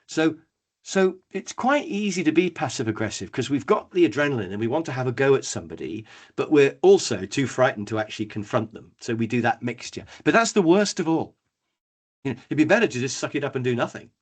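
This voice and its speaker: Guy running a webinar workshop, husky voice, bounces all over the place telling a story. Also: medium pitch, brisk. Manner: lively storytelling, acts out quoted people. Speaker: workshop trainer. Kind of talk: webinar training talk.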